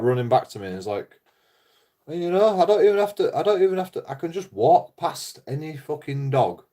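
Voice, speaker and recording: An Englishman rambles on in a loose, unscripted monologue, cursing freely and laughing often. His voice sits at an ordinary pitch, with a darker, mellow tone. He comes across blunt and unpolished. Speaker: YouTuber.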